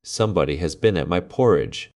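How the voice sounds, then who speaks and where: A man's voice: sits low, expressive, a little fast, a little mellow. A man doing the middle-sized storybook bear. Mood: puzzled.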